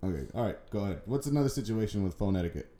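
A man's voice: lowish voice, very animated, rapid-fire, warm tone. A young man co-hosting a casual podcast, goofy, swearing and laughing a lot. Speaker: podcast co-host. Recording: echoey room.

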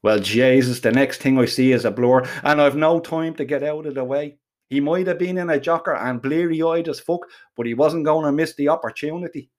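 A man's voice: on the high side, fairly quick. Foul-mouthed Irish man telling a story. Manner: foul-mouthed, rambling, colourful slang. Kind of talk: first-person comic storytelling.

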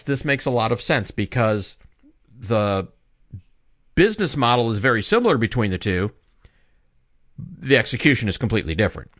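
A man's voice: lowish voice, fairly bright tone, dry recording, studio quality. A man giving a casual opinion monologue, rambling and often correcting himself as he talks. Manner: rambling, self-correcting, conversational. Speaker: commentator.

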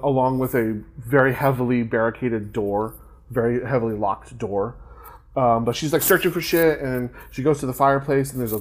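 Man rambling through a film recap. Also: mid-range voice. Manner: rambling, lots of fillers and restarts. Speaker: podcast co-host. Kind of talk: casual chat recapping a film.

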